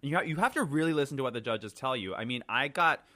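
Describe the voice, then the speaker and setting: A man's voice: mid-range voice, expressive, fast, bright, forceful tone. A man who is a drag queen, a guest in a casual chat, dishing critiques with playful camp flair.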